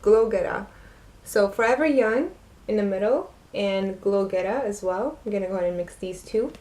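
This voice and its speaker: A young woman narrating a makeup tutorial, gushing and easily excited as she talks to her viewers. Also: mid-range voice, moderate pace. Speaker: beauty vlogger.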